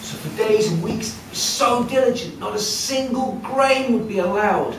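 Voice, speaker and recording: A man telling a folk tale live at a storytelling cafe, lively and conversational with asides to the audience. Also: high-pitched, normal speed, recorded from a distance. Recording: echoey room heard from afar with noise.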